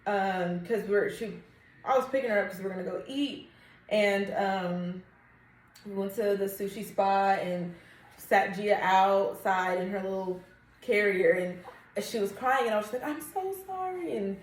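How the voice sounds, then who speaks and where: Candid young mom, echoey room. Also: female voice, medium pitch, fairly even intonation, normal speed. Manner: candid, laughs easily. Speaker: podcast co-host. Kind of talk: casual chat.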